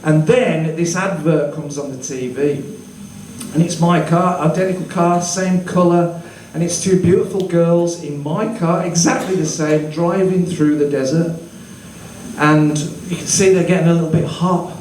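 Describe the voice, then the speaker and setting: Brief: man in his 50s, Birmingham accent, rambling stand-up, unhurried, echoey club, mic at a distance. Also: a little high, steady tone, darkish tone, slight background noise. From Birmingham, England. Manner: rambling, anecdotal, self-mocking. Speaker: stand-up comedian. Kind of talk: stand-up comedy. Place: small comedy venue. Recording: echoey room, distant mic, faint ambience.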